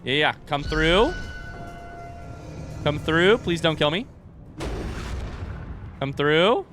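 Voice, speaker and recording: Young male gaming streamer, quick jokes and curses, lively, bright, high-ish voice. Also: soft background music. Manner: animated, joking, swearing, talks to the game. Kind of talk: casual gaming commentary.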